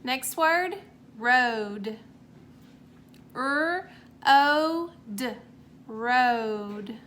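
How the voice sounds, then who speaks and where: Woman teacher, high bright voice, slow careful sounding-out for small kids, light background hum. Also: animated. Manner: slow, clear sounding-out of words; encouraging praise after each answer. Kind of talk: remote phonics lesson for young children.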